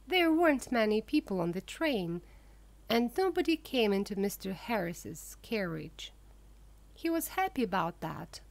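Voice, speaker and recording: A woman narrating a graded-reader audiobook in a slow, clear reading voice. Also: mid-range voice, sing-song.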